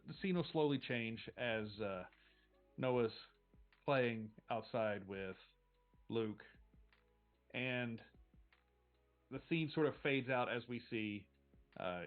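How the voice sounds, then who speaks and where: A man narrating as game master of a tabletop game, relaxed and rambling. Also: medium pitch, phone-quality sound.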